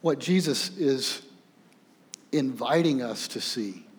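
A male pastor preaching a sermon, telling stories in a conversational, animated way. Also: medium pitch, slow pace. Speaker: senior pastor. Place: church sanctuary. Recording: long reverb of a large hall.

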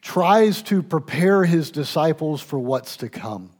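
A man preaching a sermon, swinging between loud emphatic stretches and hushed, intimate ones, with occasional restarts and fillers. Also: on the high side, lively intonation, takes it slowly. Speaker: pastor.

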